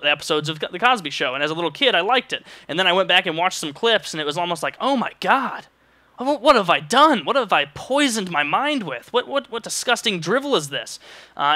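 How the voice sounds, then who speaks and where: Bright-voiced young man ranting sarcastically. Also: fairly high pitch, smooth, dry recording. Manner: sarcastic, exaggerated rants. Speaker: vlogger. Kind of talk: comedic ranting commentary.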